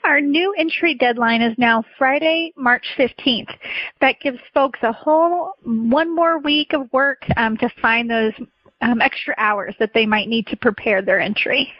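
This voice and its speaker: A woman speaks as a guest on a podcast interview, friendly and casual, with frequent ums. Her voice sits on the higher side, heard in close, dry and somewhat muffled audio. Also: a little slow, no echo. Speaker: association president, interview guest.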